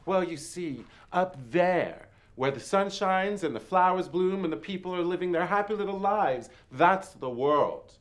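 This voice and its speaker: An actor playing a flamboyant, sarcastic male djinn spirit who speaks with theatrical, drawn-out emphasis in a film drama. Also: high-pitched, lively intonation. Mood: teasing. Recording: roomy echo with faint music.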